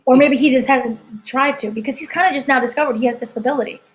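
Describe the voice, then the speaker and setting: A woman's voice: high-pitched, quick pace, a little hiss or hum, low-quality recording. A woman editor chatting casually through a spoiler review, rambling with lots of "like" and "you know". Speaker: entertainment editor reviewing a TV episode.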